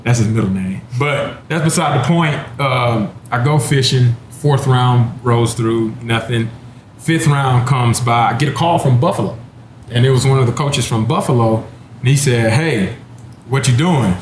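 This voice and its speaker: A man's voice: mid-range voice, moderate pace. A man in his thirties from Texas spins a long personal story in an easygoing, conversational voice. He laughs often as he talks. The recording is roomy with a faint hum of the venue behind him. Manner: laid-back, laughing storyteller. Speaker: former NFL running back, panelist. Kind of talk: casual storytelling chat. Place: wine bar, indoors.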